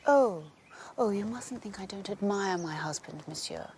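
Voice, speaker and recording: An actress playing a flighty doctor's wife who chatters in an airy, scatterbrained way. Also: female voice, mid-range voice, lively intonation, moderate pace, a little mellow, a little hiss or hum, close to an everyday voice.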